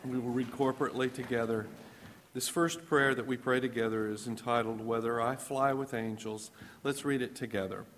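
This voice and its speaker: A man leading a church congregation in prayer, speaking in a plain, unhurried way. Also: medium pitch, steady tone, a bit bright. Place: church sanctuary. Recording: long reverb with faint room noise.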